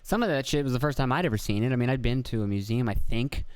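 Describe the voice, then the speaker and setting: A Pennsylvania man in his thirties hosts a podcast, rambling through profane stories about his kids in a casual monologue and acting out other people's voices along the way. His mid-range voice is smooth, clear and expressive, moving at a quick pace. The recording is close and dry on the mic, with no echo or room sound.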